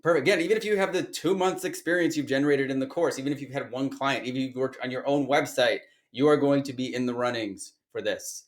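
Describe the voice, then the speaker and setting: A man's voice: medium pitch, fast, hardly any pauses. A man teaching an online course, talking casually and thinking aloud as he reads through listings on his screen. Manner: chatty, thinks aloud while reading listings. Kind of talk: casual screen-share walkthrough.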